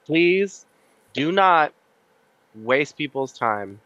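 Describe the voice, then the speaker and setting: Blunt, ranting voice, slightly muffled. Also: male voice, fairly high pitch, animated, extremely slow, a bit bright, dry recording. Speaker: podcast guest. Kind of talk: casual podcast chat.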